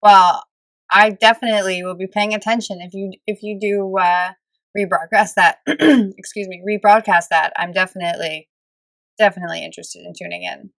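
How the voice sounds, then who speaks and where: A woman's voice: medium pitch, steady tone, brisk, vocal fry, fairly bright tone, no room sound. A woman hosting a podcast, chatting casually and encouraging her guest with short replies. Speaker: podcast host. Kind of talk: casual interview chat.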